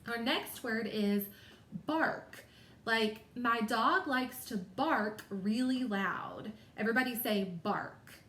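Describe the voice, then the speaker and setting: Woman teacher slowly sounding out words. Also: a little high, fairly bright tone. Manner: slow, careful sounding out of words. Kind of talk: phonics lesson. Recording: echoey room.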